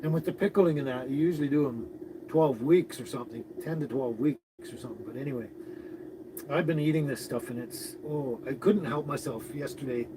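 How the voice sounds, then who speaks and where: A man hosting a casual live stream, greeting viewers and chatting in a relaxed, rambling way with frequent chuckles. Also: mid-range voice, fairly quick. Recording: noisy recording with birds behind.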